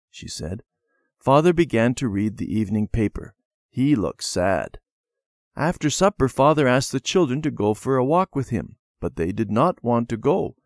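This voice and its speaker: A man narrating a children's storybook lesson in an expressive way. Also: on the low side, moderate pace, dry recording, studio quality.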